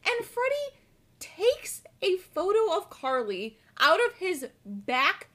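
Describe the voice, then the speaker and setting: A young woman co-hosting a rewatch podcast, chatting casually with quick comic asides and swearing. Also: very high voice, huge pitch swings, fairly bright tone. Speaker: podcast co-host. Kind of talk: casual chat.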